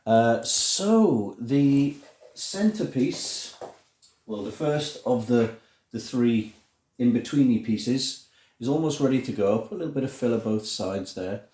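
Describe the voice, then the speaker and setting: A middle-aged British maker vlogger chats casually through a build vlog, rambling and self-deprecating, with plenty of fillers and restarts. His medium-pitched voice is expressive, a little slow, and a little mellow. The mic sits at a distance, giving a roomy sound.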